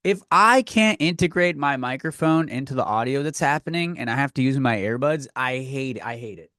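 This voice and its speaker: A man's voice: medium pitch, expressive, moderate pace, bright, forceful tone, dry recording, clean studio sound. A man hosting a comedy podcast, ranting with lots of profanity and stumbling restarts, recorded on his own podcast microphone. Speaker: podcast host. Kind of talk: comedic rant.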